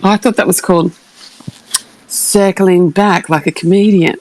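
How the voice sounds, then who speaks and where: A middle-aged woman chatting casually on a live stream, animated and swearing freely. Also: on the low side, measured pace. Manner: animated, swears, acts out quoted voices. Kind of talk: casual chat.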